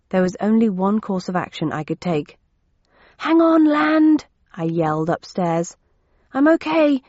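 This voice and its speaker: A woman narrating a first-person novel in a steady, measured way. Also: mid-range voice, no room sound. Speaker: audiobook narrator. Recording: dull, dry lo-fi recording.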